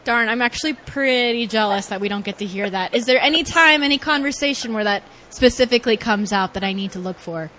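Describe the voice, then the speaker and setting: A woman's voice: fairly quick, hardly any pauses, a bit bright, slight background noise. Bubbly chatty young woman podcast host. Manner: bubbly, chatty, laughs often, wide swings in pitch. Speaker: podcast host and life coach. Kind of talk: casual interview chat.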